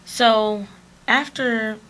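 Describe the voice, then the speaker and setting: A young woman, a guest on an interview show, telling stories about her catering business in an outgoing, lively way. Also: a little high, drawn-out words, a little hiss or hum. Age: young adult. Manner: outgoing, animated storyteller. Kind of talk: interview storytelling.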